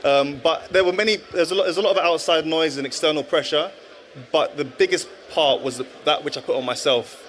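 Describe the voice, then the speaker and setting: Speaking at a live event, a man in his thirties who once played football tells his story earnestly and reflectively, often restarting, in a stage interview given as testimony. His voice is a little high and fairly bright, with a slight hiss or hum in the recording.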